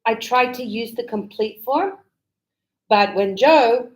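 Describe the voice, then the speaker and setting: A middle-aged woman teaching English in a chatty, animated way. Her voice sits a little high. She acts out examples by calling out loudly. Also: slow, rough recording. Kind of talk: classroom lesson.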